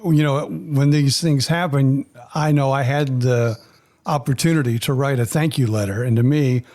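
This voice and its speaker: A man's voice: mid-range voice, steady tone, moderate pace, a little mellow. A man who hosts a podcast and is himself a transplant recipient, asking questions in a rambling way and restarting his sentences. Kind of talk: conversational interview.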